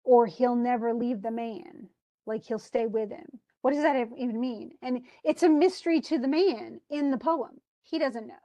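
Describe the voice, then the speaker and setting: A woman who teaches English literature walks her class through a poem at a moderate pace, her voice fairly high and warm. Her explanation is chatty, full of restarts and loose paraphrasing.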